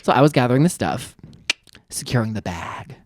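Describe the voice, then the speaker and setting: A young adult woman co-hosting a podcast, in a casual chat, telling a story in an animated, playful way with acted-out quotes. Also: rumbling low, fairly quick, no echo. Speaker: podcast co-host.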